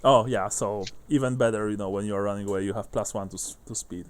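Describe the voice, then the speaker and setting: A man's voice: fairly low pitch, steady tone, fast talker. A man narrating a tabletop role-playing game as game master, in a loose way with many restarts.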